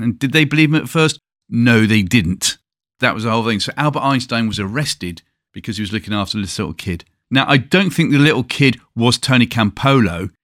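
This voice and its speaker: A man with an average pitch, speaking in a completely dry, close-miked sound. He hosts a podcast and spins a relaxed, chatty anecdote, pausing for little asides. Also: no room sound. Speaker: podcast host. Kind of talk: casual storytelling.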